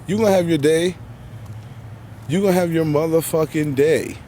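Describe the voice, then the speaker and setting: A man's voice: fairly high pitch, normal speed, mellow, slight background noise. A man giving blunt, heavily profane, unscripted reaction commentary while live streaming about a video clip.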